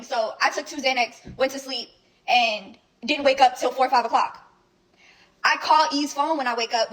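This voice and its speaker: A woman's voice: on the high side, a bit bright, rough recording. A young woman telling a rambling, blunt story full of swearing and fillers. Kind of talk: casual storytelling recap.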